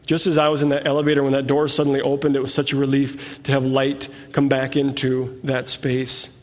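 A man's voice: mid-range voice, monotone, a little fast. A man teaching a sermon, reading scripture aloud and explaining it in plain conversational asides. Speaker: preacher. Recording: echoey hall with long reverb.

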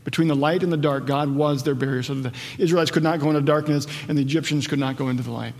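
A man's voice: fairly even intonation, gravelly. Man preaching in a reverberant hall. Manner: builds in pitch and loudness when stressing a point, slows for scripture. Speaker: pastor. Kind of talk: sermon.

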